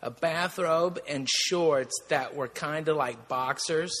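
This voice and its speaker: A man co-hosting a comedy podcast, telling loud, profane anecdotes in a casual way. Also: on the high side, slow. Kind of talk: casual storytelling. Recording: long reverb.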